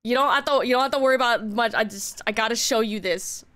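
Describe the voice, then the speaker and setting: A woman streaming and chatting, giddy, laughing a lot and swearing as she talks in excited bursts. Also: fairly high pitch, quick pace. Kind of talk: excited casual stream chat.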